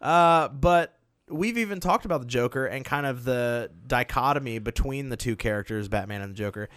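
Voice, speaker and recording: A man co-hosting a podcast, chatting casually and excitedly about movies, swearing now and then. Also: mid-range voice, normal speed, smooth, no echo, studio quality. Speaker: podcast co-host. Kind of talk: casual chat.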